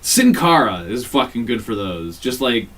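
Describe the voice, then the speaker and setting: Animated, profane man on a distant mic. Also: medium pitch, normal speed. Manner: profane, animated, mimics voices mid-story. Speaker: podcast co-host. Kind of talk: casual chat. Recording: distant mic, faint room noise.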